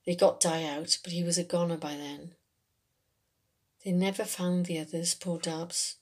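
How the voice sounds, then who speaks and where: A woman reading a first-person short story, telling it in an unhurried, conversational way in a working man's dialect. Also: on the low side, little pitch movement, a little mellow. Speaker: story reader.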